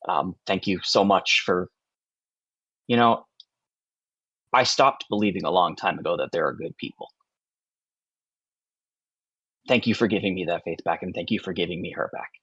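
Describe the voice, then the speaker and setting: A man voicing a weary, grateful father who speaks softly and haltingly. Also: mid-range voice, fairly even intonation, no room sound, muffled recording, close to an everyday voice. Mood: tender. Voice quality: soft, halting.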